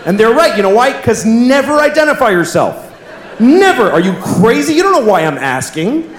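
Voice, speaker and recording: A man's voice: very high voice, sing-song, normal speed. A man doing a stand-up routine in a large theater, musing and teasing the audience. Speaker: stand-up comedian. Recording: echoey theater with crowd noise.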